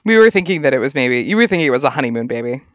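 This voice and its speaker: A man co-hosting a casual sports podcast, chatty and relaxed with frequent restarts. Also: medium pitch, rapid-fire, no echo, dull audio. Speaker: podcast co-host.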